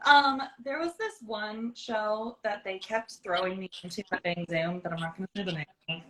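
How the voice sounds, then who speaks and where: A woman voice actor in casual chat, telling animated stories, acting out lines of dialogue and laughing often. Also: mid-range voice, normal speed, a little hiss or hum, low-quality recording.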